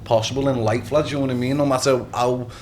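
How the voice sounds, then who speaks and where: Animated young man telling stories. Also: mid-range voice, fast, slight background noise. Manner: animated storytelling, acts out quotes, swears, repeats "you know what I mean". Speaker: guest boxer. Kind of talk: casual podcast chat.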